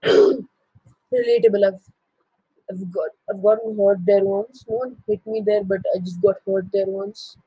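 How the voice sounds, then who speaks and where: A man's voice: high-pitched, fairly even intonation, unhurried, pauses often, warm tone, husky, dry recording, low-quality recording. A teenage boy casually retelling a myth, with jokey asides and self-corrections. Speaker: storyteller.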